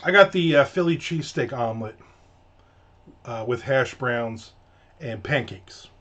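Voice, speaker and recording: A man telling a casual, exasperated story with animated voices and free swearing. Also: medium pitch, measured pace. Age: adult.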